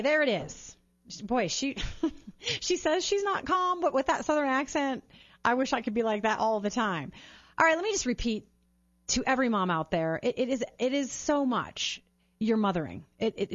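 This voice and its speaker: A woman's voice: on the high side, no echo. A woman hosting a podcast for mothers, speaking earnestly and repeating words as she gets going. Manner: warm-hearted, earnest, repeats words when excited. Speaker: podcast host. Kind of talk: upbeat interview and appeal to listeners. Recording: slightly dull lo-fi sound.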